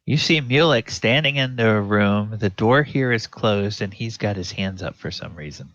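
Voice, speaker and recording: A man narrating a tabletop game as dungeon master, unhurried and halting with fillers. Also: lowish voice, lively intonation, fairly bright tone, no echo, muffled recording.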